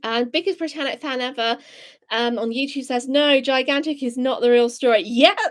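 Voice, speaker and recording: A young woman hosting a live stream in casual chat, reading viewers' comments aloud and answering them with excited gasps. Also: high-pitched, moderate pace.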